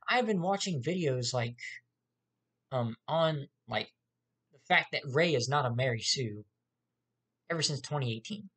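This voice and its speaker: A vlogger ranting to camera with a lot of swearing. The talk rambles with fillers and restarts, and the pitch jumps up sharply when angry. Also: fairly bright tone. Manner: profane, heated ranting.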